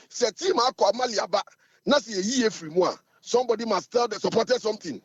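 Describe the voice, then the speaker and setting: Hoarse ghanaian guy, supporters chairman going off hard, kinda higher voice, dull dry sound. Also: fairly quick, no room sound. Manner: assertive, fiery, repetitive.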